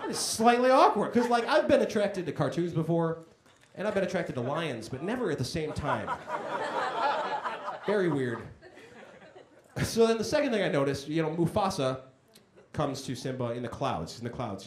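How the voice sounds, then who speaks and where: A man's voice: a little high, very animated, brisk, darkish tone. A man doing a stand-up comedy set on a club stage, talking in a conversational, self-deprecating way and acting out voices in his stories. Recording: echoey comedy club room.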